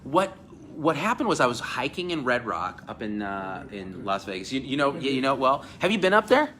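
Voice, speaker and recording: A man in his forties from New Jersey, hosting an energetic live chat at a hotel event and telling stories with acted-out quotes. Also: medium pitch, brisk. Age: 40s. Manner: animated, storytelling, acts out quotes. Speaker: host. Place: hotel event space with crowd.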